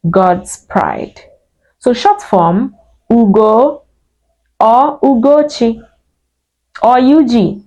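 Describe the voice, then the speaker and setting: A woman teaching name meanings, saying each word slowly and repeating it with a light laugh here and there. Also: on the high side, a little mellow, poor audio. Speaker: language teacher. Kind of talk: slow spoken lesson on name meanings.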